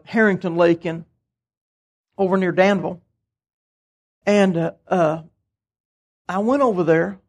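An older man, preaching a sermon and telling stories in a folksy, animated way. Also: high voice, creaky. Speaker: pastor.

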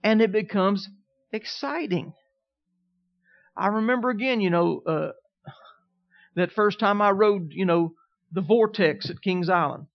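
A middle-aged man preaching a sermon in a high voice, telling stories and asking the room for amens. The recording is dull and muffled. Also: measured pace, long pauses. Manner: storytelling preacher, calls out "Amen?" to the congregation. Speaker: pastor.

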